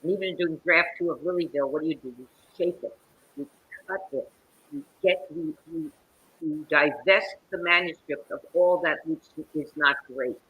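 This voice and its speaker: Brief: woman, bright husky voice, theatrical storyteller, video call interview. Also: deep voice, moderate pace, poor audio. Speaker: guest actress. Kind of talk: interview conversation.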